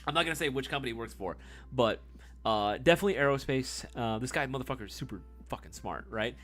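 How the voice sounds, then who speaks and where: A young man hosting a live stream, telling a long story casually with lots of swearing and sudden swings from loud to low. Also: quick pace, soft background music. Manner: animated, profane, swings between loud and low.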